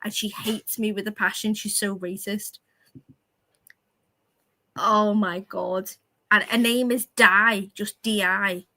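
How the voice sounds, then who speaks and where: A woman swapping stories on a livestream panel, sweary and quick to laugh. Her voice sits at an ordinary middle pitch and gets loud when a story takes off. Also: steady tone, rough recording. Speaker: streamer panel guest. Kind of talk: casual livestream chat.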